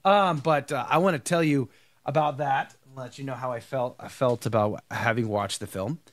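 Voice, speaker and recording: A man's voice: mid-range voice, normal speed, no echo. A man hosting a live news stream, nasal and congested from allergies, chatting casually and greeting viewers one by one. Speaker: host of a live news show.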